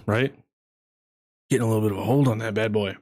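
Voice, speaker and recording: A man narrating as game master of a streamed tabletop game, energetic and chatty, swinging into excited whoops. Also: fairly low pitch, quick pace, no room sound, studio quality.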